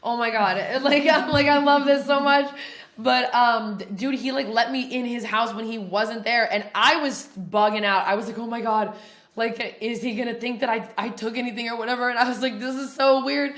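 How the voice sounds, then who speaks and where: Woman host, a bit high-pitched, profane and animated, telling stories casually in an echoey room. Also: normal speed. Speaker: podcast host. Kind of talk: casual storytelling.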